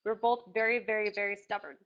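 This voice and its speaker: A woman answering interview questions casually, chatty and animated, with acted-out quotes. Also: medium pitch, quick pace. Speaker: reality TV contestant being interviewed. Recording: dull lo-fi sound.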